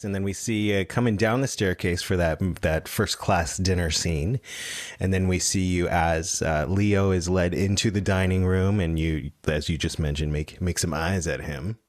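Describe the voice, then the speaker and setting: Very deep-voiced male podcast host. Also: steady tone, moderate pace, dry recording, clean studio sound. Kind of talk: interview questions.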